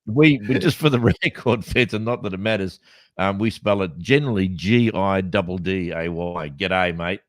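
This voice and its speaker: Middle-aged Aussie male co-host, low-pitched, rambling, jokey, dry close sound. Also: moderate pace, no room sound. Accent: Australian. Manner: rambling, jokey, laughs often. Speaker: podcast co-host. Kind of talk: casual chat.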